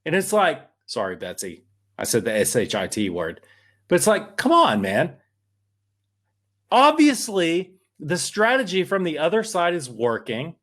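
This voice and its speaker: A man's voice: a little high, very animated, measured pace, a bit bright. A man co-hosting a political podcast, talking in a worked-up, emphatic and rambling way. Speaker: podcast co-host. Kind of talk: casual political podcast chat.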